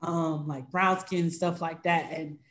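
A man with a notably high voice talks emphatically as a podcast co-host, leaning on swear words to drive his points home. His voice carries a roomy echo. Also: level tone, a little slow, fairly bright tone. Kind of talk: casual conversation.

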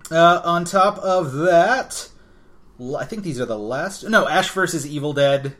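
A man with a fairly high voice for his sex who co-hosts a podcast. He works through news items in relaxed chat, and his pitch moves a lot as he goes. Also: unhurried. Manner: runs the news rundown, with laughs and fillers. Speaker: podcast co-host. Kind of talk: casual chat.

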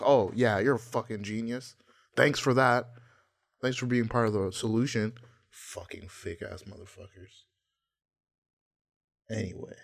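A man's voice: lowish voice, moderate pace, vocal fry. A young man in casual podcast chat, ranting heatedly and swearing a lot. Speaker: podcast co-host.

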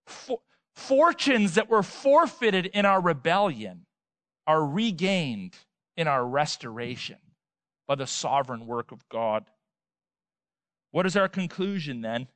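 A man preaching a sermon, emphatic, with rhetorical questions and swings between loud and soft. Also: a little high, animated, slow pace, pauses often, dry recording. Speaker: pastor.

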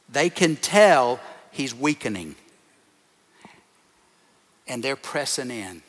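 In a big, reverberant hall, a pastor gives an emphatic sermon built on stacked short, repeated phrases. His voice is medium in pitch and a bit bright.

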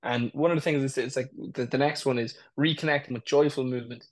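Quick man musing on a podcast. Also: medium pitch, fairly even intonation. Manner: reflective, repeats "it's like, listen". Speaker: podcast co-host. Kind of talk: casual chat.

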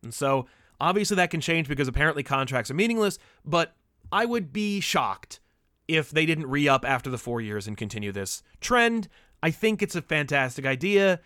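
A man's voice: on the high side, big pitch swings, moderate pace, bright, forceful tone, no room sound. Man, podcast host, casual commentary, opinionated, dry close sound. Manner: chatty, opinionated, easygoing.

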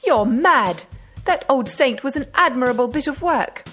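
A woman's voice: sits high, animated, normal speed, fairly bright tone, soft background music, pitched above the performer's own voice. Woman voicing an indignant old magistrate. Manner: indignant outbursts. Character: excitable older male magistrate, quick to outrage.

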